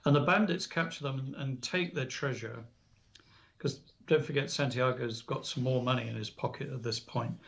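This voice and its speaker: A man's voice: mid-range voice, a bit bright. A man giving an earnest spiritual talk as a radio guest, retelling a story with quoted dialogue. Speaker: guest speaker on spiritual alchemy. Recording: dull lo-fi radio audio.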